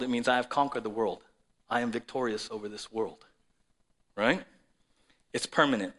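A man delivers a sermon from the pulpit with a bright, forceful tone at a mid pitch. He hammers key lines loudly, then drops to near-whispers, addressing both the room and viewers at home. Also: lively intonation, a little fast, pauses often. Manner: emphatic, swings between loud declarations and soft, low asides; speaks to a congregation and viewers at home. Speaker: pastor.

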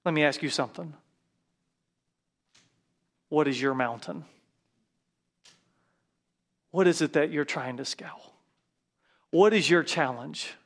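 A man's voice: a little high, takes it slowly, pauses often. A man preaching a sermon as a pastor in a church, leading his congregation in call-and-response and prayer.

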